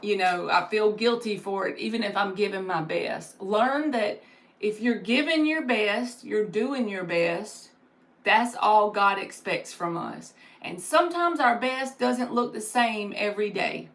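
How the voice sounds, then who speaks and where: A woman's voice: medium pitch, a little slow. A woman hosting a live tarot stream, chatting casually and giving encouraging spiritual advice with plenty of fillers.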